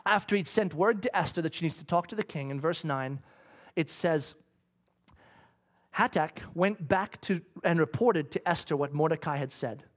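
A man preaching a sermon, reading scripture and retelling it in an animated, humorous storytelling manner. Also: on the high side, moderate pace.

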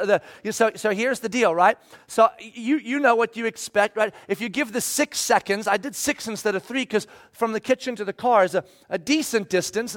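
High-voiced pastor in his forties. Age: 40s. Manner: animated storytelling, bursts into shouting when acting out scenes. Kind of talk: sermon with personal story.

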